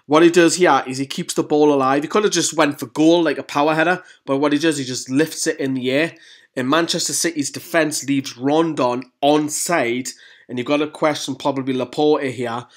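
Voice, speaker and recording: Excitable man talking football replays. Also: fairly high pitch, moderate pace. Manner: excitable, chatty commentary over replays. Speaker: fan channel host. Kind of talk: casual football match analysis.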